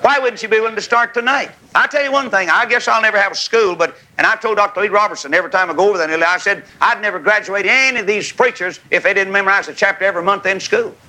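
A man preaching a revival sermon in a tent, folksy and fiery, rising to shouts, with a congregation calling back amens. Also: sits high, fast talker, few pauses, low-quality recording. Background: congregation calling amen.

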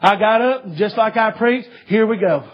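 Male preacher, very high husky voice, folksy storyteller, dull lo-fi recording. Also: moderate pace. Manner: folksy, repetitive, many "uh" fillers, rising to shouts. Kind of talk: sermon storytelling.

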